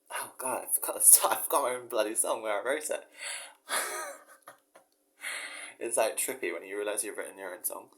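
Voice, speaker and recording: Low-voiced rambling self-mocking man. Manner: self-mocking, swears freely, laughs at himself. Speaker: professor and musician. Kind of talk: rambling casual monologue and reading his own story aloud.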